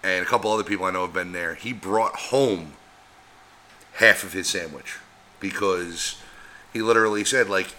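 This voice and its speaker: Deep voiced guy, very bright tone, chiming in on a podcast. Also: moderate pace, long pauses. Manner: chimes in with short remarks, rambling asides. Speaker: podcast co-host. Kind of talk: casual chat.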